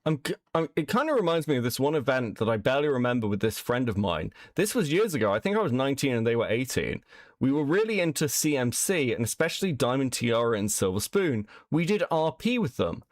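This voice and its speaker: A man's voice: mid-range voice, big pitch swings, fast talker, no echo. A man hosting a livestream, reacting crudely and laughing a lot, on a close mic. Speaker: stream host.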